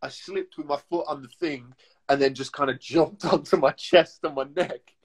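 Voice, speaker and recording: A young man co-hosting a casual chat show, telling lively stories and laughing through them. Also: on the high side, moderate pace, slightly rough. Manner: laughing storyteller, lively anecdotes with slang. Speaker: co-host.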